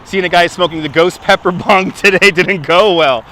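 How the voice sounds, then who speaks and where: Brooklyn guy live streaming from his phone outdoors, laughs a lot, bright voice. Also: high-pitched, moderate pace, slight background noise. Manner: chatty, laughs often, reads out donors. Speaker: livestream host. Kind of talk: casual live-stream chat. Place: outdoors on a city waterfront. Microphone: phone on a gimbal.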